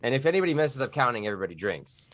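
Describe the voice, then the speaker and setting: A man's voice: medium pitch, very animated, very fast, a bit bright, no room sound. A man from Texas chatting loosely on a podcast, joking and sometimes sliding into a Texan drawl or a nerdy put-on voice. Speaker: podcast guest. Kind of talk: casual podcast chat.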